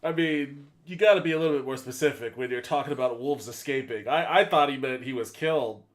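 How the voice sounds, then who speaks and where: A man's voice: mid-range voice, a little fast. A man streaming a video game, giving incredulous, sarcastic commentary. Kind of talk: let's play commentary.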